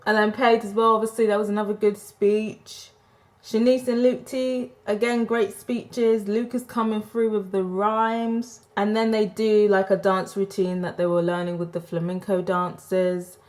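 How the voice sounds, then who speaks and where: A woman's voice: medium pitch, little pitch movement, a little slow. A woman giving casual, opinionated commentary as a vlogger reviewing a TV show, frank and sarcastic in a gossipy way, recorded on a desktop microphone. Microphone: desktop USB microphone.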